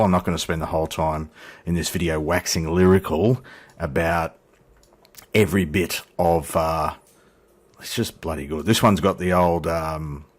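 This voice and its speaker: A middle-aged Australian man giving rambling, chatty commentary, self-deprecating and swearing casually as he talks at home into a desk mic. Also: low-pitched. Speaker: flight sim YouTuber.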